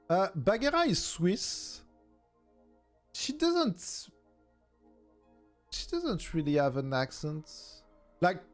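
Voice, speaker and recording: A man with a southern French accent, a native French speaker, chatting casually as a streamer in halting English and searching for words. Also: on the high side, a little mellow. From southern France. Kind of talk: casual chat.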